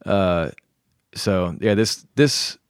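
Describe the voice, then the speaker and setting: A man's voice: sits low, takes it slowly, smooth, no echo, clean studio sound. A man from the Carolinas with a coastal Southern American accent, a musician talking as a guest in a laid-back, easygoing way. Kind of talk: casual interview chat.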